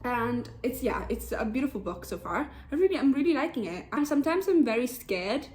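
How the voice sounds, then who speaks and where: A woman's voice: fairly high pitch, lively intonation, brisk, a little mellow. A young woman in her twenties chatting casually about books she is reading, bubbly and full of "like" fillers. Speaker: book vlogger. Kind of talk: casual chat.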